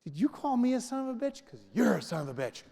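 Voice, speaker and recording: A man's voice: very high voice, very animated, fast, creaky, mellow, a little hiss or hum, voice pushed up, exaggerated voice. Man putting on a cocky tough-guy turtle. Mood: taunting. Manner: swaggering street-tough taunts.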